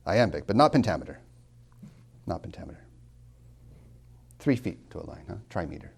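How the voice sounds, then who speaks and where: A man lecturing on poetry as a college tutor. He slows down to stress key words, swings from loud to near-whispered, and drops wry asides to his students. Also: low-pitched, expressive, vocal fry, slight background noise. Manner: dramatic swings in loudness, drops to near whispers when savoring lines; slow, deliberate emphasis on key words.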